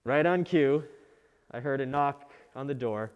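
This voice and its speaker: A man's voice: medium pitch, measured pace, clear, resonant tone, in a large hall, highs cut off, lightly acted. A man narrating a first-person sermon as an aging fisherman apostle looking back on his life, in a reflective storytelling manner.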